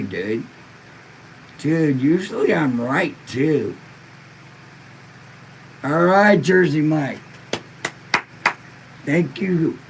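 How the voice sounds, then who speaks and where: A man's voice: on the high side, a little hiss or hum, poor audio. A laid-back man hosting a live-stream podcast, stoned and in pain, reading viewer comments in a rambling, profane way. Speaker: livestream podcast host.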